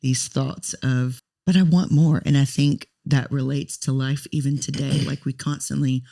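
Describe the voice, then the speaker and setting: A woman's voice: rumbling low, monotone, moderate pace, creaky, mellow. A woman in her thirties co-hosting a podcast, telling a personal story in an earnest, talkative way. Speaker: podcast co-host.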